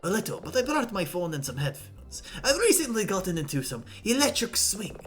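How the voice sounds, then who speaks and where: Woman voicing a vain male photographer, pompous, obnoxious, affected put-on accent, lively pitch. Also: brisk, close to an everyday voice. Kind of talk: voicing characters in a visual novel stream.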